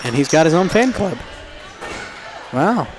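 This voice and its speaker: A man calling a basketball game play by play, jokey and quick to get excited on big plays, in a school gym. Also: on the high side, heavy background noise. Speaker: play-by-play announcer. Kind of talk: live basketball commentary.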